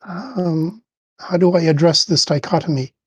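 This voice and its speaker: A tabletop player voicing a naive, logical young heroine who speaks slowly and carefully. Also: mid-range voice, husky, no room sound. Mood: earnest. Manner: slow, careful, literal.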